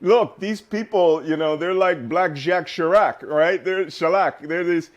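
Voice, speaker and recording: A man guest in a casual interview, telling lively stories and laughing often. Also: on the high side, measured pace, dull audio. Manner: animated storyteller, laughs often.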